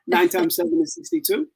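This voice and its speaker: A man's voice: high-pitched, normal speed, breathy edge, poor audio. A man co-hosting a podcast in casual chat, telling stories and slipping into playful voices. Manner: animated storytelling with playful put-on voices. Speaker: podcast co-host.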